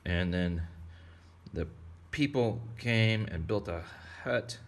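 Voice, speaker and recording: A man's voice: fairly low pitch, a little slow. A man teaching kids to draw whales in a rambling, playful way full of jokes. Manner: rambling, playful, joking asides. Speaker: drawing teacher. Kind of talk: casual drawing tutorial for kids.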